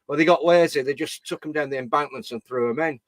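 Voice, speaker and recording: A man's voice: a little high, quick pace, no room sound. A man, telling a rambling story in a casual live-stream chat and swearing freely. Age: 50s.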